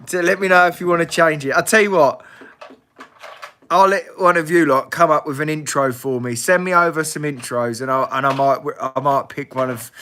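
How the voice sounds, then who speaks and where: A man's voice: a little high, moderate pace, bright, forceful tone, slight background noise. A man hosting a casual live Q&A, blunt and swearing freely, laughing often. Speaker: livestream host.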